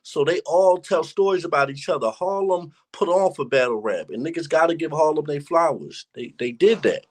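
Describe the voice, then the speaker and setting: A man's voice: on the high side, animated, moderate pace, few pauses. A young man in a casual interview, telling stories candidly and reflectively in street slang. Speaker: battle rapper, interview guest. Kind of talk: casual conversation.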